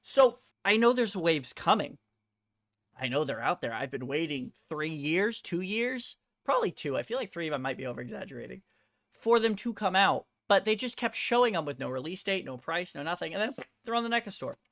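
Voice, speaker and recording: A woman's voice: lowish voice, big pitch swings, fairly quick, a bit bright, dry recording, studio quality. A woman hosting her own vlog, ranting in a blunt, profane and heated way and throwing rhetorical questions at the viewer. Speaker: host. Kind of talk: ranting toy-collector vlog.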